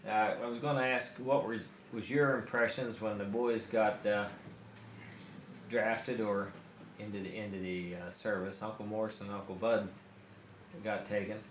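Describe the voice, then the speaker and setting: A man interviews a relative about family history, pausing often as he shapes his questions. His voice is on the low side. The room is echoey with a faint hiss. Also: steady tone. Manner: hesitant, many fillers while framing questions.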